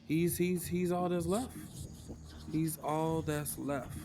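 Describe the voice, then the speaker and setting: A man's voice: a little high, steady tone, takes it slowly, music in the background. Casual man running a tabletop game. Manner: casual, sighing, muttering to himself. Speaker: game master. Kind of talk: solo tabletop game narration.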